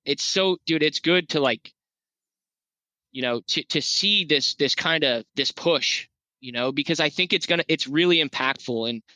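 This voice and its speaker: A man's voice: on the high side, normal speed, no room sound. A man talking as a podcast guest in loose, profane conversation, often restarting his sentences. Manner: animated, profane, rambling with restarts. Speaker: podcast guest, veterans' nonprofit founder.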